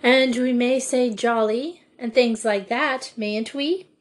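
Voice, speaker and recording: A lively, mischievous schoolgirl, put on by a woman reading aloud, eager and playful in an audiobook. The voice is lifted higher than the reader's own and moves briskly. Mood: pleading. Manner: eager, playful mock-Shakespearean speech.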